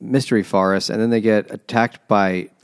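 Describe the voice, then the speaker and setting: A man's voice: fairly low pitch, fairly even intonation, normal speed, smooth, no echo. A man on a comedy podcast, tossing in dry, sarcastic quips about a bad book. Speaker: podcast co-host. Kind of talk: casual comedic chat.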